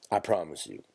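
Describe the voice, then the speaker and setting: A man's voice: low voice, creaky, fairly bright tone, breathy edge. A man hosting a solo podcast in loose, profane, rambling casual chat with joking asides, coughing and stuffed up from allergies. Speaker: podcast host.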